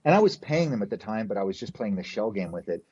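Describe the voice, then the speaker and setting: A man's voice: lowish voice, big pitch swings, quick pace, a little mellow, husky. A man from New Mexico, a podcast guest, telling a long story in a casual, rambling way with plenty of swearing and fillers, acting out the people he quotes. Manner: rambling, profane, fills with "like" and "you know". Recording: slightly dull, muffled podcast audio.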